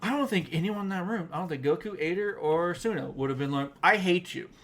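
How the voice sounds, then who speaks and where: A man's voice: high voice, a little fast, fairly bright tone. A man co-hosting a podcast, casually recapping anime episodes with a rambling, laughing way of talking. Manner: rambling, laughing, with frequent restarts and fillers. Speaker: podcast co-host.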